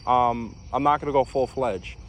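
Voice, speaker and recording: A man's voice: mid-range voice, normal speed, a bit bright, a little hiss or hum. A young man from New York, a former navy recruit, telling his story in a casual vlog with lots of fillers and restarts. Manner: rambling, many fillers and restarts.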